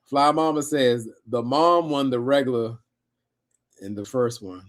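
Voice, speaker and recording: A man's voice: medium pitch, a little slow. Laid-back man reading live chat. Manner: relaxed, laughs often, reads chat aloud. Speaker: co-host of a live review show. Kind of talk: casual live-stream chat, reading viewer comments.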